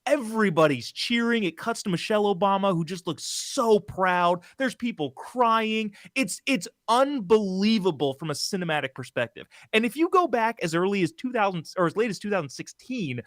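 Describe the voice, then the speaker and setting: A man's voice: high voice, fairly bright tone, dry recording. Rambling young man, dry close sound. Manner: rambling, self-interrupting, hesitant fillers. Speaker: guest, comedian. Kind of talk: casual political chat.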